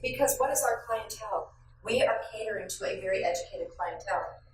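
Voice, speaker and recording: A woman's voice: mid-range voice, brisk, a little hiss or hum. A woman giving a restaurant new hire training talk, calling on trainees by name and acting out sample phrases. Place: training room with a live audience. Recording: very echoey room, voice from far off the mic.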